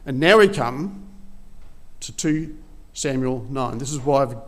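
A man's voice: medium pitch, animated, slow pace. A man preaching a sermon, retelling a Bible story conversationally with frequent restarts and repeated words.

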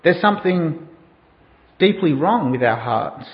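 High-voiced preacher in an echoing hall. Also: male voice, animated, unhurried. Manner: asks the listeners questions. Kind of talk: sermon with storytelling. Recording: dull sound in a reverberant hall.

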